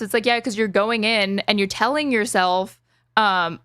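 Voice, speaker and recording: A woman's voice: on the high side, normal speed, fairly bright tone, dry recording. Woman, show host, blunt, teasing, swears freely, dry close sound. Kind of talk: casual chat.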